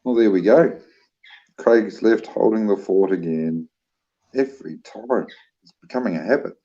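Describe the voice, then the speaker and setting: A New Zealand man with a low, mellow voice chats at an unhurried pace on a livestream, easygoing and joking as he answers comments. The sound is dull and lo-fi. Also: expressive. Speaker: livestream co-host reading chat. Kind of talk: casual livestream chat.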